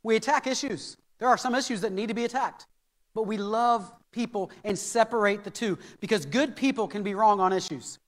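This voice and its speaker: A man's voice: high voice, a little fast. An American man preaching a sermon as pastor, earnest and anecdotal, repeating key phrases for emphasis. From United States. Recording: reverberant hall.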